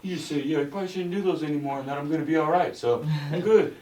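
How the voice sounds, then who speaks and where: A man's voice: on the high side, fast, a little hiss or hum. Man telling a wild story, roomy mic. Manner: animated, profane, peppered with "bro". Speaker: podcast co-host. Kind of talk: casual storytelling. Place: podcast studio. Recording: roomy sound from a distant mic.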